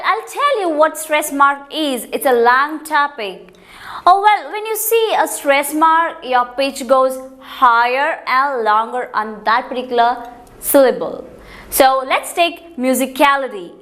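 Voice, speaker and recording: A woman teaching pronunciation in class, emphatic, with exaggerated rising and falling pitch. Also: a bit bright. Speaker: English pronunciation instructor. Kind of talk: classroom lesson, demonstrating intonation.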